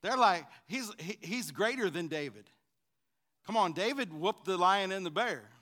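A male preacher with a high, bright voice delivers a lively sermon. He calls the congregation to answer him back. He swings between fervent, loud passages and hushed, conversational asides. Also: unhurried. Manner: call-and-response preaching, swinging from shouts to quiet asides.

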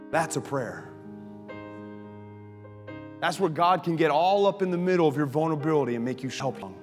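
A male pastor preaching a sermon, telling stories with laughter and dropping to a soft voice for prayers. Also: on the high side, normal speed, long pauses. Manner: animated storytelling preacher, laughs often, drops to soft prayer voice. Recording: long hall reverb with faint music.

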